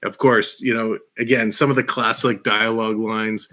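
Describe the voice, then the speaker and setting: A man's voice: lowish voice, flat delivery, moderate pace, sharp tone. A man hosting a casual live stream, rambling enthusiastically and laughing often while talking through a headset mic in a small room. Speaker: livestream host.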